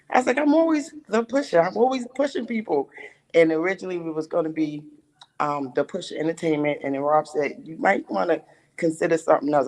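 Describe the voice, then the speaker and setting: A woman who is a music manager, a guest on a talk show, telling her story in a lively way. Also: sits low, poor audio. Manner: animated storytelling, quoting others.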